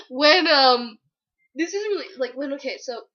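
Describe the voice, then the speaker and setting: A woman's voice: sits high, expressive, takes it slowly, bright, forceful tone, muffled recording. A young woman giving a casual book review vlog, gushing, giggly and rambling.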